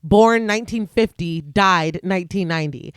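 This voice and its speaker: A woman's voice: lowish voice, normal speed, clean tone, dry recording. Woman reading a horror recap, dry mic. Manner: reads plot summary then jokes and laughs. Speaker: podcast co-host, recapping scenes. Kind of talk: casual horror podcast chat with scripted recap.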